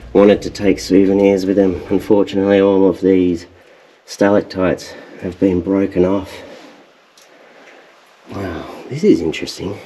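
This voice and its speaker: A young Australian man vlogging as he explores inside a cave, excited and exclaiming often, recorded on an action camera. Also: low voice. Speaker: outdoor adventure vlogger. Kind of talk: casual exploring commentary.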